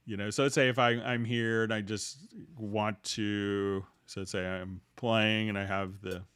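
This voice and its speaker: A man with a fairly low voice hosts a casual live tutorial and answers viewer questions on the fly. He talks in loose, halting phrases and restarts often. The sound is dry and close, with no room echo. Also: level tone, fairly bright tone, clean tone. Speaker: livestream host demonstrating music software.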